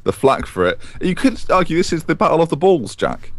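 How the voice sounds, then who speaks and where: A man's voice: a little high, fairly quick. A man co-hosting a podcast, chatting casually and jokily about football. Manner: animated, jokey, rambling. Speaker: podcast co-host.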